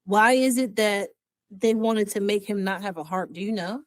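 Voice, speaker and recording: A woman co-hosting a casual entertainment podcast, talking in an animated, emotional way. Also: mid-range voice, moderate pace, no room sound. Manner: animated, emotional, acts out quotes. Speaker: podcast co-host. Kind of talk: casual chat.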